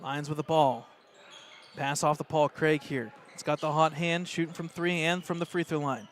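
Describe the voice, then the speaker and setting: An American man doing live play-by-play of a high school basketball game, excitable and openly rooting for the home team. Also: normal speed, a little hiss or hum. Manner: excitable, partisan, rising pitch on plays. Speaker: play-by-play announcer.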